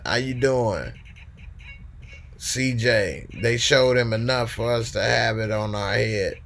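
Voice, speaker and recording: A man hosting a live call-in stream in a relaxed, slangy way, reading out and answering viewer comments. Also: mid-range voice, slow pace, vocal fry, slight background noise. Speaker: host of a live call-in show. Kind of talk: casual live-stream chat.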